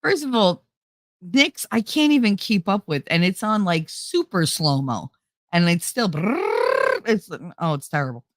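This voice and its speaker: A middle-aged YouTube host chats casually with viewers on her own channel, rambling, joking and laughing often. Her mid-range voice is expressive at a normal speed, and there's no echo.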